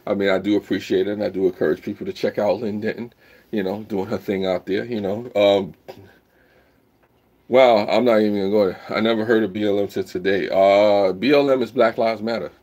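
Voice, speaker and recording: A man hosting a casual live stream, rambling while he reads the chat aloud and bursts into loud whoops. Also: on the low side, steady tone, fairly quick, dull audio.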